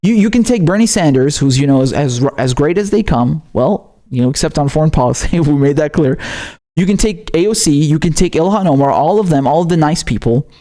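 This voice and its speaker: A man's voice: fairly high pitch, a little fast. Profane, heated male political commentator. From Syria. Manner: profane, animated, repeats words when worked up.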